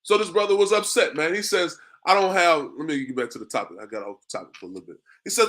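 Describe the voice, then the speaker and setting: Bright-voiced man preaching scripture. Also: a little high, expressive. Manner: conversational, repeats "man" and "you know what I mean"; reads scripture in a slow, drawn-out cadence. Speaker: street preacher. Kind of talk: street-corner preaching with scripture reading.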